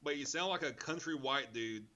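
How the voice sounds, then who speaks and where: A man's voice: mid-range voice, moderate pace, pushed and bright, dull audio. A man co-hosting a podcast, telling a story in a laid-back, casual way and swearing freely. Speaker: podcast co-host. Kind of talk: casual chat.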